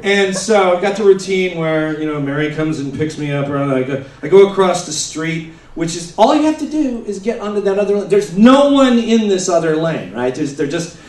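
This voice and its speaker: A man doing a stand-up comedy set, telling a rambling story with shouted character bits, from the of America. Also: high-pitched, sing-song, normal speed, hardly any pauses. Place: comedy stage before a laughing audience. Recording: roomy live venue, mic heard from a distance.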